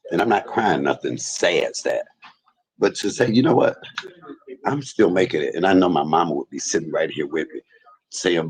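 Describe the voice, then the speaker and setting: A man live-streaming from a hospital emergency room bed, talking in an animated, preachy way and repeating himself as he speaks to his viewers. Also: low voice, normal speed, husky, rough recording. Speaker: livestream host. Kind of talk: casual live stream talk.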